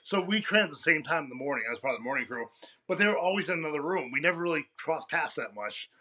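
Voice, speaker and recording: A man's voice: on the high side, lively intonation, fast talker, sharp tone, slightly rough. A man being interviewed on a podcast as a guest coach, telling stories casually. He swears freely and laughs often. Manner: profane, laughs often, tells stories in a rush.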